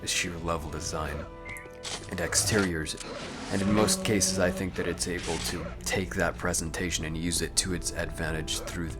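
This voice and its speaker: A man with a low, deep voice delivers measured voice-over commentary on a game walkthrough. He weighs each point analytically and often hedges his opinions. Loud game music plays behind his voice the whole time. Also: fairly even intonation. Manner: thoughtful, analytical, hedging.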